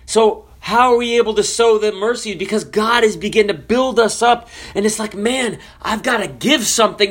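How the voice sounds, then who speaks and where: A man preaching a sermon, swinging between loud cries and hushed drops and asking the listeners questions. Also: sits high, moderate pace, few pauses.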